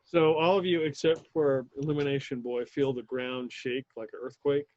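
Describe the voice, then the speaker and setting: A man's voice: mid-range voice, fairly even intonation, normal speed, darkish tone, dry recording, lo-fi sound. A man running a tabletop game as game master, narrating with frequent fillers and restarts. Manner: hesitant, filler-heavy narration.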